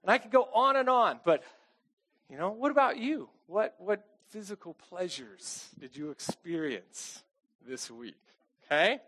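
A man's voice: high-pitched, big pitch swings, unhurried, sharp tone. Chatty pastor man, checking in often. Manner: chatty, self-deprecating, frequent "okay?" check-ins. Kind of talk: casual conversational sermon.

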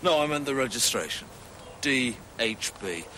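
A man's voice: mid-range voice, animated, normal speed, bright, forceful tone. An officious customs officer. He speaks dry and polite with a pointed edge, in a mid-range voice. Faint noise hums under the TV audio.

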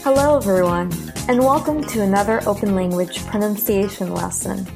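A woman with an American accent teaching English pronunciation, speaking slowly and clearly and repeating example words for learners. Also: medium pitch, over music.

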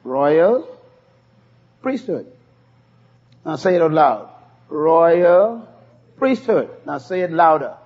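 A man's voice: a little high, sing-song, slow, pauses often. A man preaching a sermon, emphatic and repeating key phrases for the congregation to say back. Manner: emphatic call-and-response preaching. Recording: dull lo-fi sermon tape.

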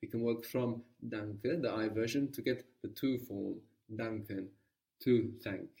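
A man's voice: lowish voice, steady tone, unhurried, warm tone, far from the mic. A man teaching a guided language lesson, patiently prompting his student with questions.

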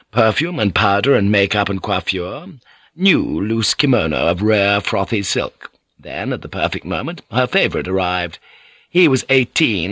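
A man reading an audiobook novel aloud in a measured, expressive narration. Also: fairly low pitch, dry recording.

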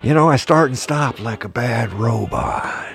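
A man's voice: mid-range voice, expressive, gravelly, soft background music. Man doing a nervous, rambling old politician. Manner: halting, stop-start delivery. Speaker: podcast co-host. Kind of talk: comedic impression sketch.

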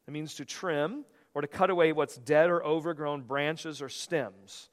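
A man's voice: fairly high pitch, unhurried. A male pastor preaching a sermon, telling stories animatedly and often restarting his sentences. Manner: animated storytelling with frequent restarts. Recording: long reverb of a large hall.

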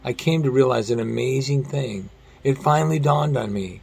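A man preaching a sermon in an earnest way, slowing down and dropping his voice very low on quoted lines. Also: vocal fry, a little mellow, slight background noise. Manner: earnest, slows and drops to near-whisper on quotes. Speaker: pastor.

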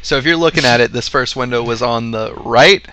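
A man's voice: mid-range voice, a little fast, sharp tone, slight background noise. A man in casual chat who laughs and swears freely and jumps in with comments and his own story.

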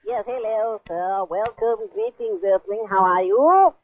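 A man's voice: sits high, measured pace. A man on a prank phone call, putting on a pompous, mock-formal character who rants and demands. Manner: mock-formal, then ranting and shouting. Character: pompous self-proclaimed famous musician demanding meatballs. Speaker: prank caller. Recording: tinny phone line.

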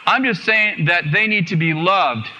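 A man's voice: high voice, moderate pace, dull audio, background noise. A man preaching a sermon to a congregation, earnest and repeating phrases for emphasis. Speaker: guest preacher.

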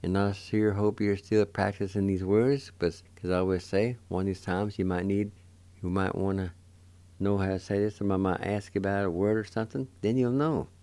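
Older guy, low mellow voice, slow patient lesson, dry close sound. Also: steady tone, clear, resonant tone, dry recording. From Cherokee Nation, Oklahoma. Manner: slow, patient, repeats each syllable. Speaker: radio host teaching Cherokee words. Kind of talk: slow spelled-out language lesson.

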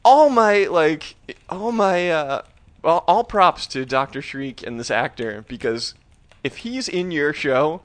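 A man co-hosting a podcast, recapping an episode in casual chat, animated and joking. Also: a little high, takes it slowly. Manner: animated, joking, acts out scenes with voices. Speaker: podcast co-host.

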